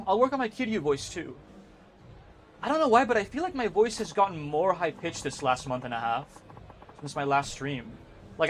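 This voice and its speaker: Male gaming streamer, slightly high-pitched, casual and excitable, swears a lot, laughs easily. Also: a little hiss or hum. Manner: rambling and excitable, swears freely, laughs often. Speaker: game streamer. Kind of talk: casual live-stream chat while gaming.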